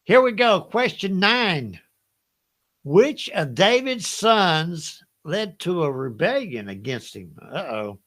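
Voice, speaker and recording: Older Southern US man, high bright voice, unhurried, folksy trivia host who laughs often. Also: big pitch swings. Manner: chatty, folksy, laughs often, reads each question twice. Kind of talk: hosting a live Bible trivia game.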